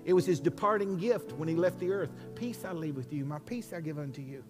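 A male preacher delivers a sermon, building from a conversational tone to impassioned, soaring preaching. His voice sits a little high. Music plays clearly underneath him the whole time. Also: fairly quick, hardly any pauses.

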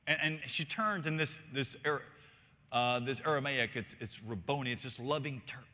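A man's voice: mid-range voice, normal speed, pushed and bright, in a large hall. A man preaching a sermon as senior pastor, emphatic and reading scripture aloud.

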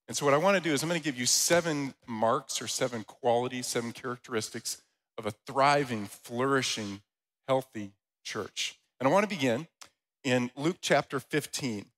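A man preaching a Sunday sermon as the church's pastor. He tells stories in a lively way and reads scripture aloud. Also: mid-range voice, normal speed, low-quality recording. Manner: animated storytelling with loud, rising quoted voices.

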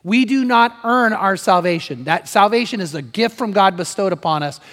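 A man preaching a sermon as pastor, animated, moving between loud emphasis and hushed storytelling. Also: high-pitched, normal speed, long reverb tail. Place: church sanctuary.

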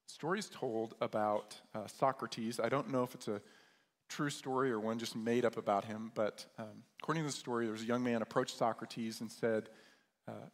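A man's voice: mid-range voice, steady tone, moderate pace. A man preaching a sermon as a pastor, repeating key words and asking the listeners questions. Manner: repetitive, rhetorical questions. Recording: echoey hall with long reverb.

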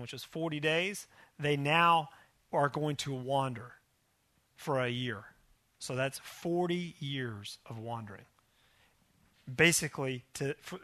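A man preaching a sermon in an animated way, acting out quotes and prodding the audience to join in. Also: a little high, no echo. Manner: animated, acts out biblical quotes, prods the audience. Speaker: pastor.

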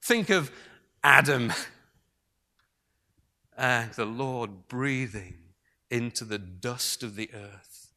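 A man delivers a sermon at a slow, deliberate pace. His voice is bright and forceful, and it swings from raised, emphatic lines to hushed, breathy near-whispers. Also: medium pitch. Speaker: preacher.

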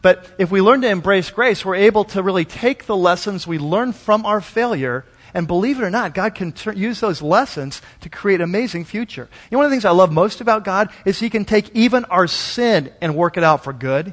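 A man with a high voice delivers a sermon, casual and animated, slipping into little acted-out voices. The recording is live in a church sanctuary, with a long hall reverb trailing his words. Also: a little fast, few pauses. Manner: conversational and animated, acts out quoted voices. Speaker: pastor.

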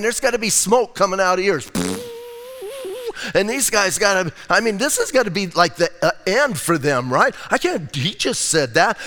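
A man preaching a sermon as pastor, in a casual, lively way with slang asides. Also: sits high, in a large hall.

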